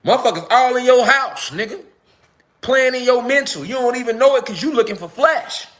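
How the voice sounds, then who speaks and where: A male social media commentator delivers a fervent, repetitive monologue packed with profanity, circling back on his phrases as he presses his point. His voice is high, bright, and sharp at the edges, expressive and a little fast.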